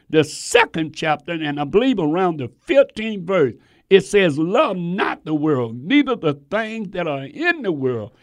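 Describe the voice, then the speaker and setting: A man's voice: a little high, no room sound, studio quality. A man preaching a sermon in an emphatic, conversational way, asking his listeners rhetorical questions.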